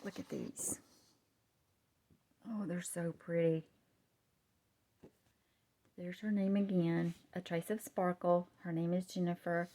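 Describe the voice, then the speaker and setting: Woman, low voice, gushing and half-whispering close to the camera at home. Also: level tone, unhurried, pauses often. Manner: gushing, often softly whispering. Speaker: craft vlogger. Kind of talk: show-and-tell craft vlog. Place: home, husband in another room. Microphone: camera held close up.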